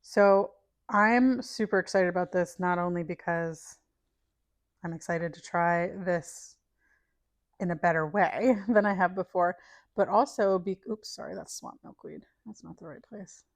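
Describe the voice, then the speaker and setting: A woman's voice: lowish voice, a little slow, no room sound, studio quality. A middle-aged woman chatting casually while planting seeds, thinking aloud and dropping to murmurs as she sorts packets. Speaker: gardening vlogger. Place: home, indoors.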